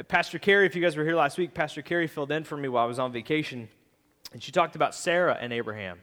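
High-voiced pastor preaching casually. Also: male voice. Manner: animated, builds to loud emphatic peaks; repeats phrases for emphasis. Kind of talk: casual conversational sermon.

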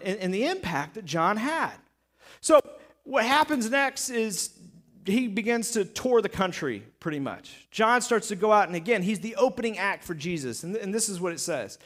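Animated, high-voiced male preacher. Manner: animated, jokey storytelling with acted asides. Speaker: pastor. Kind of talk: sermon.

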